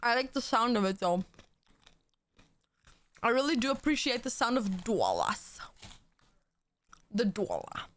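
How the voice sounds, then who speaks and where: A woman's voice: on the high side, huge pitch swings, measured pace, long pauses. A woman livestreamer chatting casually and playfully, laughing and thanking viewers for donations. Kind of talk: casual live-stream chat.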